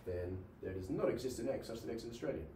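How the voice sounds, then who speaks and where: In this university logic lecture, a man steps through examples, punctuating his fillers with "right?" He speaks at a quick pace in an expressive, medium-pitched voice against background noise. Captured from a distance, the sound is echoey with faint ambience.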